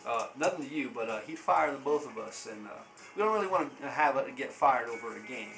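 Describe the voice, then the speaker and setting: A man's voice: mid-range voice, expressive, fairly bright tone, roomy sound, soft background music, low-quality recording. A man voicing a toothless, nervous ranch hand. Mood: wary. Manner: hesitant drawl full of pauses.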